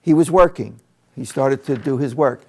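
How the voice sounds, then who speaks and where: A man with a gravelly edge to his voice leads a classroom demonstration. He keeps his tone calm and direct, explaining discipline techniques to the teachers watching. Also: mid-range voice, normal speed. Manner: calm and direct, speaks to the room. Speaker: teacher trainer.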